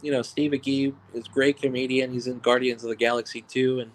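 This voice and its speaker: A man's voice: mid-range voice, level tone, fast. A man from New York, a filmmaker, telling loose, joking stories in an interview and laughing at his own punchlines. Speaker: guest filmmaker. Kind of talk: casual interview storytelling.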